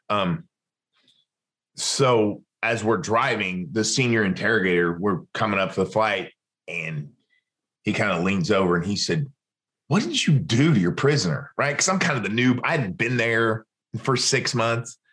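Low-voiced man telling a war story. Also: a bit bright. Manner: vivid storyteller who acts out quoted dialogue. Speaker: guest, former military interrogator. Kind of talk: storytelling interview.

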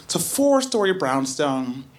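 A woman telling a true story on stage, chatty and animated, full of asides and filler words. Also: low-pitched, measured pace. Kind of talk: live first-person storytelling.

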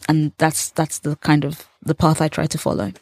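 A woman's voice: low-pitched, normal speed, no room sound, studio quality. An English woman in her thirties, a journalist telling stories in a casual interview and acting out the voices she quotes. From England. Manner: animated storyteller, acts out quoted voices. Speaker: guest, journalist.

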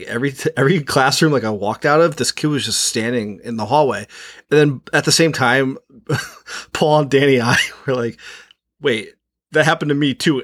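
Brief: young male podcast co-host, casual, animated storyteller, swears freely. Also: a little high, no room sound, clean studio sound. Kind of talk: casual chat.

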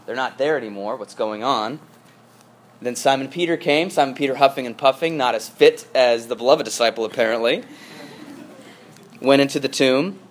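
A male pastor giving a sermon in a conversational storytelling manner, with frequent asides and restarts. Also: medium pitch.

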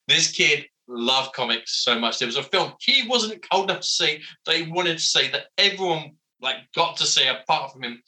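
A man, a comic book writer telling animated, self-mocking stories as an interview guest, full of fillers. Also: fairly high pitch, moderate pace, hardly any pauses, poor audio. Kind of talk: casual interview storytelling.

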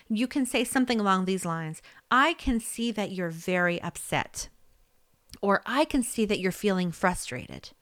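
A woman's voice: mid-range voice, fairly bright tone, dry recording, studio quality. A woman giving spoken advice on handling upset colleagues, conversational and easygoing, often checking in with "okay?" and "right?" and laughing lightly.

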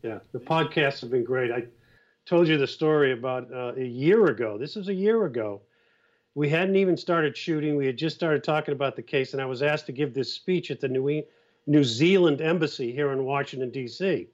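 A man who co-hosts a TV series, telling stories in a relaxed way with "you know" and "uh" fillers. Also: medium pitch, fairly quick. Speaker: TV series co-host. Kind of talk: casual chat. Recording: slightly dull, lo-fi sound.

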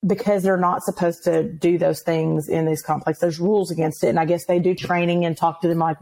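Animated woman cop telling a story. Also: lowish voice, fairly quick, few pauses, rough recording. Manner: animated, laughing, acts out voices in her story. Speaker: police officer. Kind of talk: casual storytelling.

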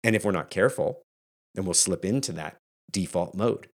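A man with a fairly low voice hosting his own podcast. He talks with energy and in a casual, conversational way. He coaches his listeners like a leadership mentor. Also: normal speed. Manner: energetic and conversational, acting out quoted family moments. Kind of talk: solo podcast talk.

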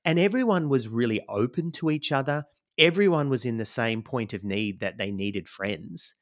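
A man's voice: medium pitch, animated, normal speed. A middle-aged Australian man, a podcast guest, telling his life story in a reflective, rambling way, with frequent "you know"s. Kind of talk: conversational storytelling.

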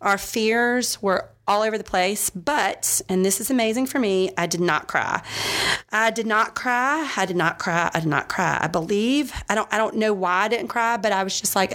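A woman telling a personal testimony in a casual, self-deprecating way, with frequent "um" pauses and restarts. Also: mid-range voice, a bit bright. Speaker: speaker sharing a personal testimony.

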